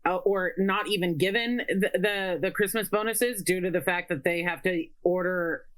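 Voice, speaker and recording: A woman co-hosting a casual political chat show, pausing often on fillers and restarts and ranting in frustration. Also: on the low side, fairly bright tone, low-quality recording. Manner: halting, full of fillers and restarts; exasperated ranting.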